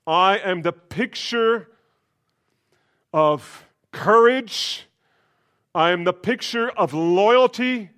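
Brief: swaggering, boastful male disciple, loud and emphatic, as a preacher puts him on. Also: mid-range voice, natural voice. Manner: loud, emphatic, chest-puffing declarations.

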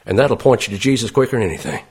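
A man's voice: fairly low pitch, animated, racing, darkish tone, breathy edge. A man preaching a sermon in a folksy, plain-spoken way, often asking his listeners questions.

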